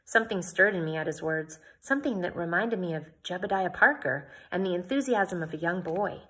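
A woman's voice: fairly low pitch, animated, brisk, a bit bright. A woman reading a novel aloud, with plain narration and chatty comments between passages.

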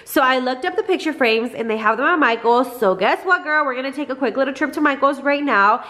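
Young woman, high voice, stuffy nose, chatty family vlog. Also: a little fast, sharp tone. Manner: chatty, lots of "like" and "guys". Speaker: family vlogger. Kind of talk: casual vlog chat.

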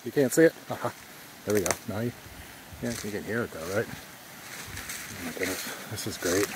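Older man, a bit out of breath, low voice, rambling hiking vlog, noisy outdoor audio. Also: fast talker. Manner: rambling, thinking aloud with fillers. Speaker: hiking vlogger. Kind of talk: casual vlog narration. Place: outdoors on a wooded trail by a stream. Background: running water and nature ambience.

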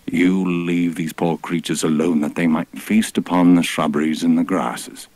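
A man's voice: low voice, steady tone, normal speed, darkish tone, no room sound. A man voicing a pompous, crude male dinosaur god who makes grandiose rhyming proclamations. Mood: scolding.

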